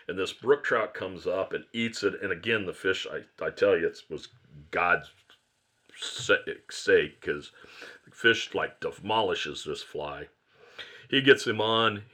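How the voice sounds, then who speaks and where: Low-voiced man telling a fishing story. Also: pushed and bright. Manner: rambling storyteller, self-correcting. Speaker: guest, fly shop owner. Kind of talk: storytelling in a podcast interview.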